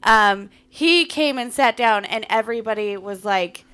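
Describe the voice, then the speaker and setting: A woman comedian co-hosting a podcast, telling a story in casual chat, animated, blunt and profane. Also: on the high side, a little slow, clear, resonant tone.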